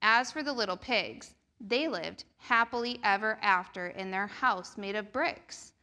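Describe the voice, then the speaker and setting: A woman reading a picture book aloud to children during a church service, slow and expressive. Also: medium pitch. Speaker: children's storyteller.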